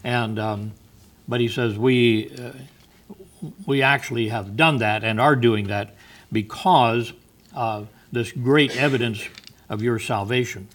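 A man leading a Bible study, explaining the meaning of words step by step. He talks at an ordinary pitch, with frequent ums and restarts as he works through each thought. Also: takes it slowly, fairly bright tone. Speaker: Bible teacher.

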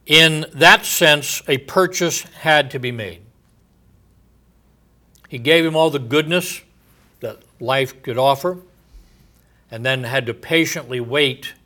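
Slow, bright-voiced man preaching. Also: mid-range voice. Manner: slow, deliberate preaching that drops off softly at phrase ends. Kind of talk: sermon.

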